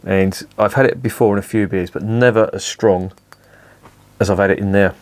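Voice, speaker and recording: A man's voice: on the low side, steady tone, moderate pace. A man reviewing a beer on camera, swearing often and grumbling sarcastically. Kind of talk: casual beer review vlog.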